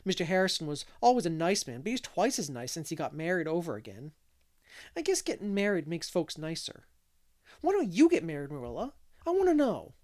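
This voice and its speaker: A man's voice: a little high, huge pitch swings, a little fast, darkish tone. A man doing a chatty, curious little boy. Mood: eager. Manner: rambling, eager, questioning.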